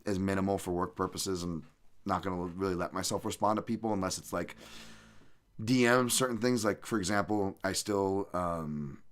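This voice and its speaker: A man's voice: low voice, fairly even intonation, normal speed. A man hosting a podcast, talking in a rambling, profane, self-deprecating way. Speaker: podcast host. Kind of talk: casual podcast monologue.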